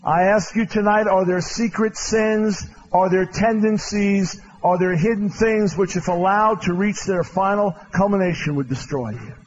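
Male revival preacher with a high voice, pleading and proclaiming in turn; dull live church recording. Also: moderate pace, hardly any pauses, slight background noise. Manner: impassioned, swinging from loud proclaiming to hushed pleading. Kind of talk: revival altar-call sermon. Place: large church with balcony.

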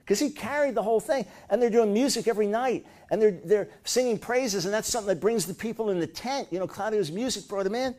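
Middle-aged male preacher, high voice, lively storyteller, punches up quoted lines. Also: fast, hardly any pauses. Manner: animated storytelling, rising to loud high-pitched bursts when acting out quotes. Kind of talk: sermon.

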